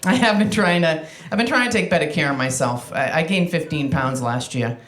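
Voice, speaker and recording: A woman from Massachusetts doing a chatty, self-deprecating stand-up set, full of quick asides and restarts. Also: deep voice. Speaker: stand-up comedian. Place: comedy club stage with live audience. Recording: roomy club sound with crowd laughter. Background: audience laughter.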